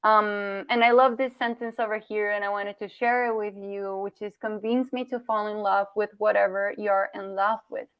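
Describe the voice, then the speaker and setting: A woman's voice: medium pitch, flat delivery, moderate pace, few pauses, clean tone, dry recording. Woman, communication coach, encouraging, dull lo-fi sound. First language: Spanish. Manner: encouraging, asks "right?" often, with restarts. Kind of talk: online workshop presentation.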